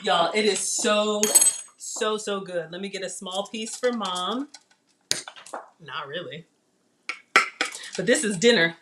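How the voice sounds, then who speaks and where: A woman's voice: mid-range voice, takes it slowly, long pauses, noisy background. A woman hosting a casual live cooking stream from her home kitchen, chatting animatedly with viewers. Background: cutlery and dish clatter.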